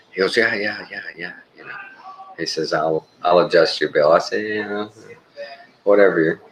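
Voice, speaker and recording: Super deep texan guy rambling through a story on his stream, lots of uh pauses. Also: a bit bright, a little hiss or hum, rough recording. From Texas. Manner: halting, unhurried, full of "uh" pauses. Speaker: live streamer. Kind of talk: casual storytelling on a live stream.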